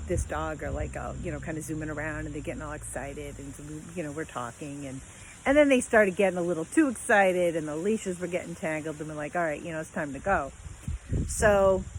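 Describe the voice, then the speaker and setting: A woman's voice: on the low side, low-quality recording. A middle-aged woman telling a personal story in a casual, heartfelt way, rambling with many fillers. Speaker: vlogger. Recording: faint background noise.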